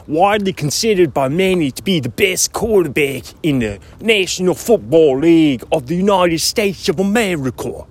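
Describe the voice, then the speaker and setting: A man's voice: fairly high pitch, expressive, normal speed, few pauses, slightly rough. A man hosting a casual solo sports podcast. He is goofy and jokey, and now and then slips into a mock British voice. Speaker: podcast host.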